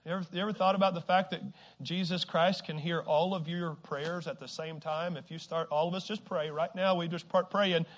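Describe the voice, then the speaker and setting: A man preaching a sermon to a congregation, shifting from quiet, slow stretches to loud exhortation and stumbling over repeated words. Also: fairly high pitch, fairly even intonation, highs cut off. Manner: swings from hushed to shouting exhortation, repeats words; acts out quoted people with sudden shifts.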